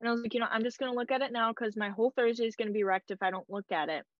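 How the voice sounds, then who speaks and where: A woman's voice: fairly high pitch, racing, no echo. Chatty young woman, dull dry audio. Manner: chatty, emotional, full of "like" and quoted dialogue. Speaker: guest. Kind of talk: casual storytelling in an interview.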